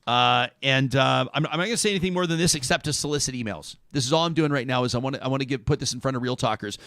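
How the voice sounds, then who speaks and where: A man's voice: mid-range voice, rapid-fire, fairly bright tone, no echo, studio quality. A man in his thirties hosting a talk show, chatting casually and joking, rambling with restarts. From Canada.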